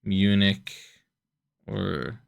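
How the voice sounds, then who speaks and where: A man's voice: deep voice, very slow, creaky. A man casually commenting while streaming a video game, with joking, rambling asides.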